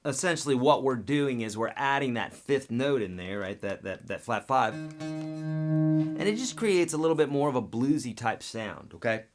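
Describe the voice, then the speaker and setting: A man's voice: medium pitch, animated, moderate pace. A man teaching guitar on a live webcast, reading viewer questions and answering in a casual, direct way that keeps checking in with "okay?".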